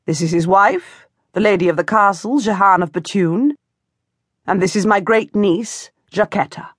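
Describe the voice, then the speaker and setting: A woman's voice: mid-range voice, moderate pace, no echo, clean studio sound, lightly acted. A woman plays an elderly aristocratic aunt, commanding and decisive, audiobook read. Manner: firm, authoritative. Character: elderly noble great-aunt, commanding and kindly. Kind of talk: audiobook character voice.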